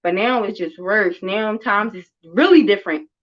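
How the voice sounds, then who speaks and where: A woman's voice: medium pitch, normal speed, dull audio. A woman around thirty, a mother and show host, telling a story in casual chat with blunt, emphatic and heavily profane talk. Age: about 30.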